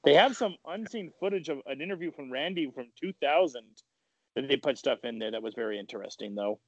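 A man co-hosting a casual talk podcast, animated and blunt, retelling stories with quoted voices and some swearing. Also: medium pitch, brisk, no room sound, lo-fi sound. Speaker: podcast co-host. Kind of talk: casual chat.

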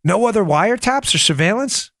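On his political podcast, a New Yorker gives pointed opinions and reads an ad himself, driving points home with punchy repetition. His high-pitched voice is expressive, brisk, creaky, and fairly bright, in clean studio sound with no room echo.

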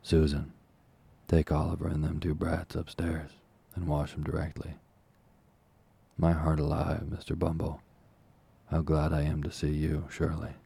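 A man's voice: a bass voice, completely flat delivery, unhurried, creaky, warm tone, slightly rough, exaggerated voice. A man voicing a fawning, scheming woman who runs an orphans' home, gushing and falsely humble. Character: fawning scheming older woman, a workhouse nurse.

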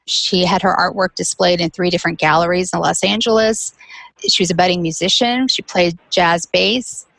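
A woman's voice: on the low side, fairly even intonation, moderate pace, gravelly, fairly bright tone, dry recording, rough recording. A woman guest telling a personal caregiving story, candid, with light laughs between serious points.

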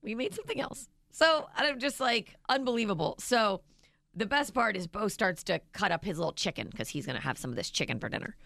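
A woman co-hosting a radio show, telling a family story in lively casual banter and acting out each person in it. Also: medium pitch, fairly quick, vocal fry, dry recording. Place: radio studio.

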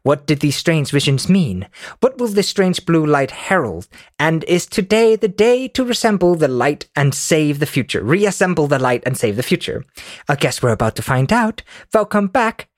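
A man putting on a soft-spoken narrator voice with a fake British accent, reading a podcast's opening recap like a gentle old storyteller. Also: fairly high pitch, sing-song, moderate pace, dry recording, studio quality. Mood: soothing. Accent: put-on British.

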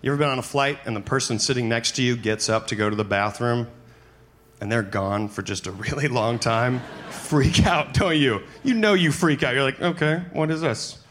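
A male stand-up comedian doing his set on stage in front of a live audience, talking in an animated way and swinging into loud, exaggerated voices. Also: mid-range voice, moderate pace. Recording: noisy live stage recording.

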